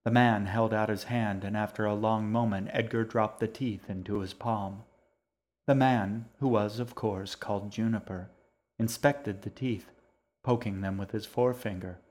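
A man reading his own novel aloud as the narrator, in slow, measured scripted narration. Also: on the low side, flat delivery, a little mellow. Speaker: author and narrator.

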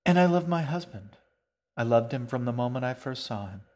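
A man voicing a gentle, talkative young queen in a storybook reading, speaking in a sing-song, fond way. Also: medium pitch, lively intonation, a little fast, close to an everyday voice. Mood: dreamy.

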